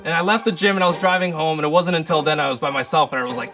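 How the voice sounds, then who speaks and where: A young man telling a comic story, animated and profane, acting out both sides of the conversations. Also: fairly high pitch, racing, hardly any pauses, faint music behind. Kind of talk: storytelling comedy.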